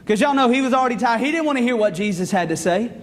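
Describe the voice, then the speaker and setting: A man, a student pastor preaching a sermon in a folksy, animated storytelling way. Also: very high voice, quick pace. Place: church sanctuary. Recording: long reverb of a church sanctuary.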